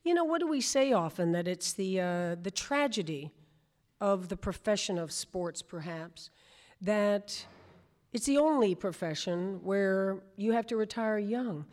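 A woman in her sixties speaks as a guest in an on-stage conversation. She tells her stories in a lively, theatrical way, voicing the characters she describes. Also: mid-range voice, a little slow. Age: 60s. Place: event stage before an audience.

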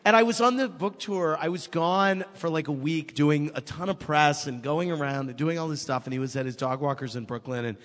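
A man speaking with a slightly raised pitch, an author guest in casual conversation. He tells stories animatedly, acting out the lines of others. The recording carries a long, lingering reverb. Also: fairly quick, hardly any pauses. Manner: animated storyteller, acts out quotes. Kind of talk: casual chat.

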